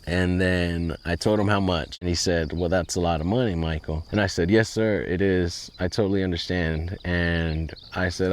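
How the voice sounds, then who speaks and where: Low-voiced young man telling a story. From Texas. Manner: animated, quotes people in his own voice. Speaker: farm owner telling his story. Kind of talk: casual storytelling vlog.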